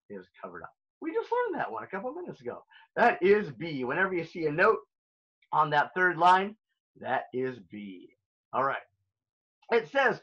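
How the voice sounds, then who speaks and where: Upbeat male music teacher, lively and bright. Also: fairly high pitch, lo-fi sound. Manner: upbeat, playful, talks straight to young children. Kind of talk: recorded online music lesson.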